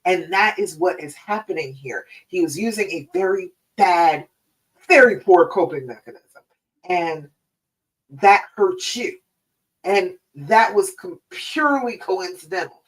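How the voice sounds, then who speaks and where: A woman's voice: lowish voice, animated, unhurried, recorded from a distance, rough recording. A woman hosting a live stream as a relationship coach, talking in a casual, conversational way and often checking in with "all right?".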